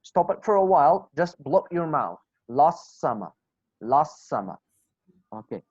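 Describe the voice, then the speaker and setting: A man's voice: on the high side, sing-song, unhurried, a little mellow, slightly rough, no echo. A man whose first language is Kurdish, teaching English in an online class, drilling words aloud and asking and answering his own questions. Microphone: video call. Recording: dull lo-fi call audio, dry.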